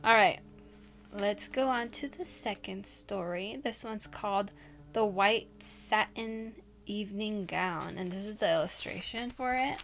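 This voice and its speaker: A woman's voice: medium pitch, measured pace, fairly bright tone. A woman hosting a casual read-aloud storytime, with blunt, chatty asides that include swearing. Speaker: channel host. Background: faint music and noise from outside.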